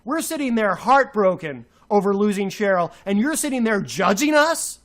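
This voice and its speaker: A man's voice: high voice, big pitch swings, moderate pace, a bit bright. A man co-hosting a radio show, ranting furiously with sarcastic, insulting outbursts. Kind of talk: angry on-air rant.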